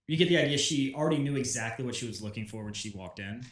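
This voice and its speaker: A man narrating as game master of a tabletop game in a wry, relaxed way. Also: medium pitch, echoey room, noisy background.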